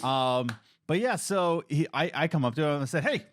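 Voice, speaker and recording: Animated male podcast host, very expressive pitch. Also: slight background noise. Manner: animated, jokey, quick voice changes. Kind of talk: casual chat.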